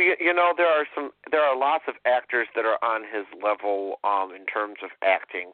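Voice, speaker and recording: A lower-voiced man talks through a dry, tinny phone-like line. He weighs his words slowly, filling pauses with ums and restarts. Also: no room sound. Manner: hesitant, many ums, thoughtful. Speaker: podcast co-host. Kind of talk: casual chat.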